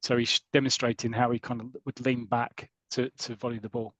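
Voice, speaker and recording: A British man on a podcast, chatting and retelling a comic story in a rambling, lively way. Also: mid-range voice, brisk, dry recording. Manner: chatty, rambling, lively when reading out characters' lines. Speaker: podcast host. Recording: dull lo-fi audio.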